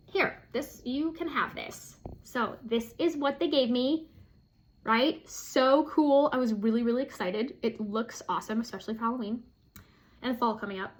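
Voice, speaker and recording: A woman's voice: on the high side, normal speed, a little hiss or hum. A woman vlogging casually to camera, chatty and self-deprecating, with frequent fillers and laughs. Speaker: flosstube vlogger.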